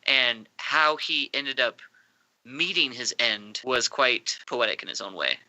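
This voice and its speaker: A man's voice: mid-range voice, unhurried, pushed and bright, dry recording, poor audio. A man co-hosting an anime podcast, talking in an easygoing, agreeable way. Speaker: podcast co-host. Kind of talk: casual anime podcast chat.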